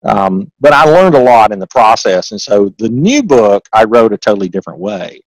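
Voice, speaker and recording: A man's voice: fairly low pitch, sing-song, moderate pace, no room sound, rough recording. A man with a Southern accent, talking as an interview guest in a folksy, rambling way, full of restarts, and turning emphatic when he makes a point. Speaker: interview guest, author and accountant. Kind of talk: casual interview talk.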